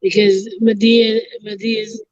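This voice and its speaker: A woman chats on a live stream in a mellow, warm voice. Her audio is dry and slightly dull, like a lo-fi online call. She tells stories with animation and acts out the quoted lines. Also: medium pitch, little pitch movement, slow, no echo. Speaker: co-host. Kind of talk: casual chat.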